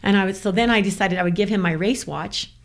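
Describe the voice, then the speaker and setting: A woman from the American South, a guest telling a story in casual chat, animated and laughing often. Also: medium pitch, fast.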